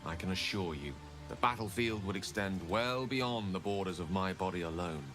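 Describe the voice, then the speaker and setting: An actor playing a measured, formal male wizard with courteous, precise diction in a video game. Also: low-pitched, natural voice. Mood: grave. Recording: game audio over soft music.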